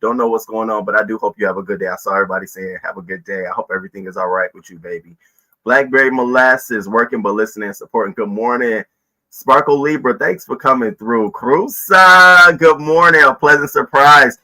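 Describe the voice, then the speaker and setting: A man's voice: medium pitch, a little fast, pushed and bright, poor audio. A man hosting a casual livestream news commentary, chatting loosely, greeting viewers by name and often repeating himself. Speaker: host of a live news commentary stream.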